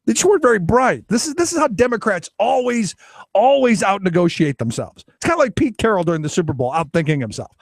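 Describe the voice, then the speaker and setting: Animated, gravelly male talk radio host. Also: sits high, quick pace, dry recording. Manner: animated, sarcastic, acts out quoted voices. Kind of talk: opinionated political talk radio monologue.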